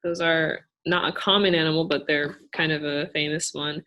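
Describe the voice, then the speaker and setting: A young woman with a fairly low voice answers questions in a relaxed Q&A. She talks thoughtfully and patiently, pausing often and hedging as she explains. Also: a little hiss or hum. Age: young adult. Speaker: student cultural navigator. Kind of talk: casual Q&A answers.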